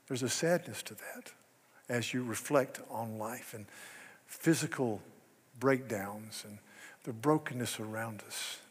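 Older man preaching with husky fervor. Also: mid-range voice, a little slow, long reverb tail. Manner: starts quiet and reflective, then rises to fervent pleading. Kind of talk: devotional sermon.

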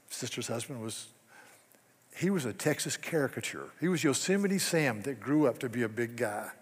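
Older man preaching with husky fervor. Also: mid-range voice, big-room sound. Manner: starts quiet and reflective, then rises to fervent pleading. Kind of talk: devotional sermon.

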